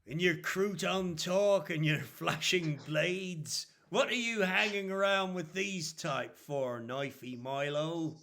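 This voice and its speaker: A man's voice: a little high, slow pace, gravelly, hardly any pauses, sharp tone, full character voice. A man voicing a cocky young rural ringleader who jeers and taunts. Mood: taunting. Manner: mocking, jeering.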